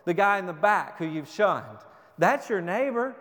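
A man's voice: sits high, very animated, measured pace, fairly bright tone. A man preaching a sermon as pastor, emphatic, firing rhetorical questions and repeating words as he drives points home. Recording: long reverb of a large hall.

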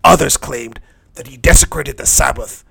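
A man playing a gravelly, bitter dying thief. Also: normal speed, fairly bright tone, exaggerated voice. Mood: brooding. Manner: brooding, cynical, low-key. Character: hardened dying male thief on a cross, bitter. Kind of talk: dramatic first-person monologue.

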